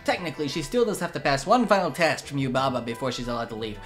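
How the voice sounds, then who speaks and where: A woman's voice: very deep voice, sing-song, fast, soft background music. A woman giving a comedic, sarcastic film critique as a commentator, often sounding exasperated. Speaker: YouTube commentator.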